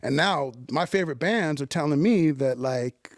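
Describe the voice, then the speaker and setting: A man in his fifties from New York, telling stories as a guest in a casual interview, animated and emphatic, with frequent swearing and restarts. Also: on the high side, normal speed, no room sound, studio quality.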